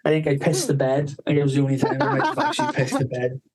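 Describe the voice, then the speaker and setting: A man's voice: mid-range voice, sing-song, rapid-fire, a crowd in the background, rough recording. A man telling a rambling story on a podcast, swearing constantly and acting out the people he quotes.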